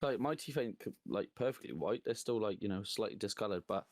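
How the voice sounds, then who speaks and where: A man co-hosting a casual chat, telling animated stories, often laughing and swearing freely. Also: lowish voice, a little fast, dry recording, studio quality. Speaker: co-host.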